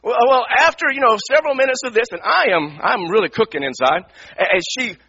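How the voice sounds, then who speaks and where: A middle-aged man, a pastor, telling a personal story in a sermon, animated and repeating himself as he acts out his frustration. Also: extremely high pitch, brisk, slightly rough. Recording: dull lo-fi radio broadcast.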